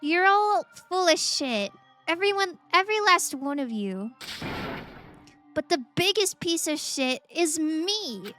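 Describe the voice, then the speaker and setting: A woman's voice: very high voice, expressive, takes it slowly, soft background music, full character voice. A woman voicing an angry young man in a video game who curses everyone and himself. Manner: bitter, shouting outbursts.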